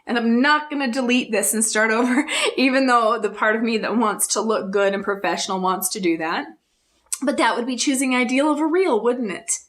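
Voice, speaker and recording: A woman motivational speaker talking earnestly and emotionally straight to her viewers, slow and emphatic and close to tears. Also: a little high, fairly bright tone. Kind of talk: heartfelt direct-to-camera talk.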